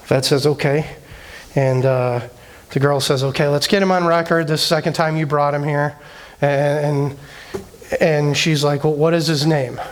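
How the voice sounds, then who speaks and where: A middle-aged youth director telling an emotional personal story in a conversational sermon, with many fillers. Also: male voice, fairly high pitch.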